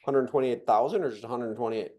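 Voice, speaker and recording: A man's voice: mid-range voice, quick pace, dark tone. A man hosting a casual chat, curious, thinking aloud and asking follow-up questions.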